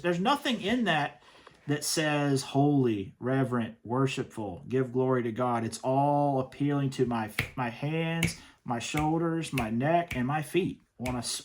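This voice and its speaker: A man's voice: mid-range voice, slight background noise. A man hosting a commentary show, talking in an emphatic, stern way and often repeating himself. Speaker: host reviewing worship music. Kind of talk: opinionated commentary.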